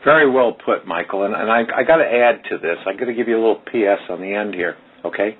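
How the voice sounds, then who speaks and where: Radio host, male, emphatic and preachy, husky, phone-line sound. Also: lowish voice, fast talker. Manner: emphatic, preachy, addresses listeners directly. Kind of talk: casual radio talk.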